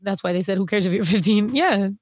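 A woman's voice: mid-range voice, fast, no echo, studio quality. A young adult woman hosting a casual livestream, reading chat comments with blunt, teasing, profane talk. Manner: blunt, swears freely, teasing.

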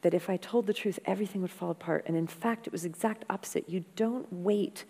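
A woman guest in an interview, telling stories in a frank, animated, conversational way and swearing freely. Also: lowish voice, fast. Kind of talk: candid conversational storytelling. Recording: long hall reverb.

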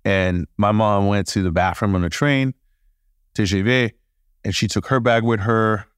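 Low-voiced man telling animated stories. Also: measured pace, clear, resonant tone, dry recording, studio quality. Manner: animated, laughing, acts out dialogue. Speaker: podcast guest. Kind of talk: casual storytelling.

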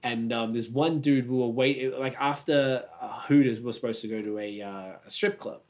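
A man's voice: medium pitch, steady tone, normal speed. A man with an Australian accent hosts a loose chat. He rambles through stories, swears freely and laughs often. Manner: rambling, profane, laughs easily. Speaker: podcast host. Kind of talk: casual chat, storytelling.

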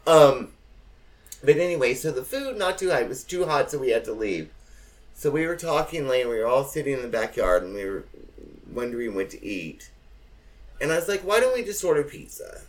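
Animated, swearing man. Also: mid-range voice, brisk. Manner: animated storytelling, swearing, mimicking relatives. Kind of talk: casual chat.

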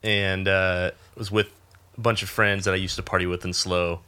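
Casual male storyteller, low-ish forceful voice, rambling and profane. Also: normal speed, smooth. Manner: laid-back storyteller, lots of fillers, swearing, animated when quoting.

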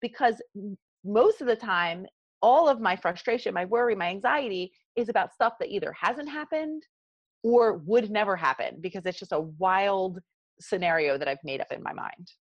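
A woman's voice: mid-range voice, normal speed, dry recording, dull audio. A woman in her forties with a South Jersey accent, a meditation guide talking earnestly in a podcast interview. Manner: earnest and animated, talks through examples.

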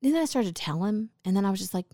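A middle-aged woman tells a rambling story in a chatty, conversational way. Her voice sits in a middle pitch, and the recording is close and dry. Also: expressive, fast, warm tone, no room sound. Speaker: co-host, host's wife. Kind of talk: casual chat.

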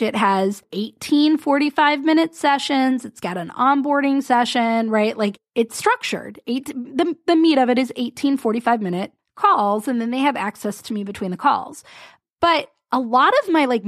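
A woman hosting a casual solo podcast as a business coach, talking in a chatty, rambling way with small laughs and quick asides. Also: high-pitched, dry recording, clean studio sound. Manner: chatty, rambling, self-interrupting with little laughs.

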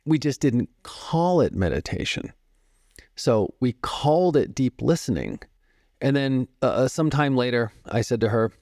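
Man in his fifties, podcast guest, calm reflective storyteller, animated pitch, dry close sound. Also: unhurried, no room sound. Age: 50s. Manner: calm, reflective explainer who uses analogies. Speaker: guest, meditation and music teacher. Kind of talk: storytelling interview talk.

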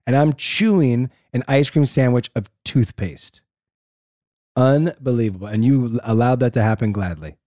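A man's voice: medium pitch, moderate pace, mellow, dry recording, clean studio sound. A man in his thirties co-hosting a podcast, teasing and arguing in casual couple banter. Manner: teasing, laughing, argumentative. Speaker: podcast co-host.

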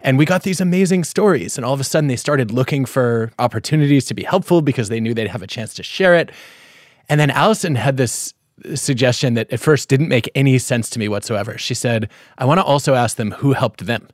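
A man's voice: medium pitch, animated, brisk, no room sound, clean studio sound. A middle-aged man hosting a podcast, telling a family story and asking reflective questions. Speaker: podcast host. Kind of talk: podcast conversation.

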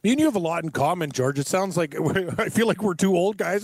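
A man's voice: sits high, fairly quick, hardly any pauses, a little mellow, dry recording. A man from Canada chatting casually, often laughing and joking about his own fears, with plenty of "like". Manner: laughs often, self-deprecating, uses "like" a lot. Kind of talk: casual chat.

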